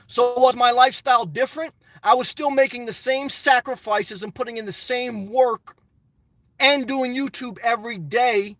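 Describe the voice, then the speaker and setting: A man's voice: extremely high pitch, steady tone, moderate pace, fairly bright tone, no room sound, distant mic. A middle-aged man hosting a casual live stream, answering chat in a blunt, opinionated, rambling way.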